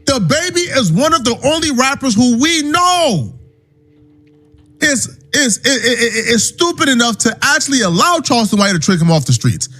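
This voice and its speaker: Exasperated male commentator, high voice with lively ups and downs, faint music underneath. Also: moderate pace. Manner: exasperated, questioning, repeats words. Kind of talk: commentary clip.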